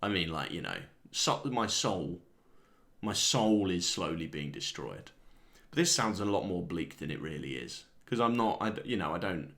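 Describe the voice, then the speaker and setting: A man with a very low, deep voice talks through a wandering comic monologue. He is sardonic and self-deprecating, and he chuckles at his own jokes between the tangents. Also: very animated, normal speed, a bit bright. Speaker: comedian host. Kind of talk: rambling solo monologue.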